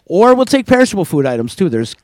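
A man's voice: high voice, sing-song, fast talker, darkish tone, no echo. A man hosting a casual podcast, energetically plugging sponsors and a charity event. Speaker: podcast host.

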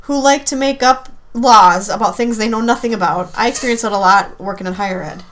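A woman co-hosting a podcast in casual chat, lively and quick to sound indignant. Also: fairly high pitch. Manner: lively, indignant about the news. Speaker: podcast co-host.

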